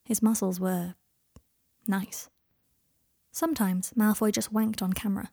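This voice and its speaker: A woman narrating a fan-fiction story in a frank, unhurried reading style. Her voice is mellow and dark, with a husky edge. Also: medium pitch, steady tone. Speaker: audiobook reader.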